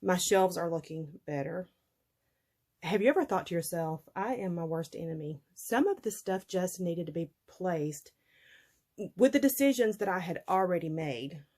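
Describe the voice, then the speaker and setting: A woman's voice: on the low side, animated, normal speed, a little mellow. A middle-aged woman, chatting casually to her viewers in a folksy way, laughing often. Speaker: vlogger.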